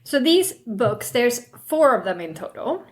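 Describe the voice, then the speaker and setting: A woman in her thirties co-hosting a podcast, telling a story in lively casual chat and acting out the quoted voices. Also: fairly high pitch, measured pace. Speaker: podcast co-host.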